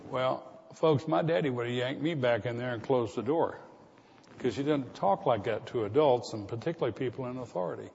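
A man's voice: mid-range voice, a little fast, creaky, a little mellow, husky. A male pastor delivering a sermon, telling stories and building to emphatic repeated lines. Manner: storytelling preacher, rising to emphatic repetition. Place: church sanctuary. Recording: muffled church recording with long reverb.

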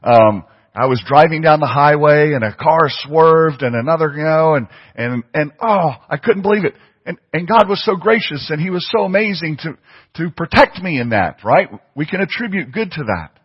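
A man's voice: a little high, expressive, moderate pace, slightly rough. A man preaching a sermon, emphatic and fond of repeating phrases for stress. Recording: muffled audio with long hall reverb.

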